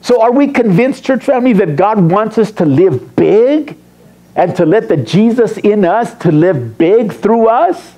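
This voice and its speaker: A man's voice: high voice, lively intonation, a little slow, dark tone. A man preaching a sermon as pastor, teasing and quizzing his congregation. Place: church sanctuary.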